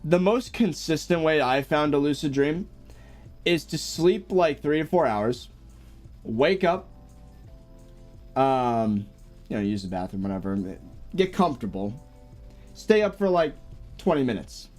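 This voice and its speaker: Chill young american dude on stream, voice bounces all over, bit of music under it. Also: male voice, on the high side, measured pace, long pauses. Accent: General American. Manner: laid-back, chuckles often, lively up-and-down delivery. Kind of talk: casual live-stream chat, reading viewer messages.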